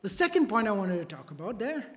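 A preacher giving a sermon in a church, repeating key phrases and often checking in with the congregation with a quick "right?" or "okay?". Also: mid-range voice, sing-song. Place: church sanctuary. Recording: long reverb of a large hall.

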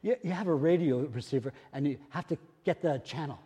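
An older man preaching a sermon as pastor, repeating phrases and swinging from hushed murmurs to loud exclamations. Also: fairly high pitch, a little fast, slightly rough, long reverb tail. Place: church.

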